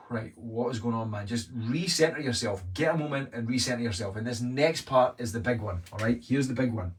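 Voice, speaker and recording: A Scottish man coaching live, talking in a blunt, energetic way and swearing freely. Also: medium pitch, fast talker, distant mic. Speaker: weight-loss coach. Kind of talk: live-streamed coaching talk.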